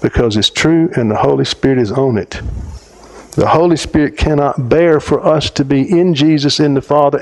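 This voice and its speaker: A man from America preaching as an earnest storyteller, stretching key words and pausing for emphasis. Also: mid-range voice, a little mellow, low-quality recording. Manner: earnest, emphatic storyteller with slowed dramatic pauses. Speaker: speaker at a theology conference. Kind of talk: storytelling sermon.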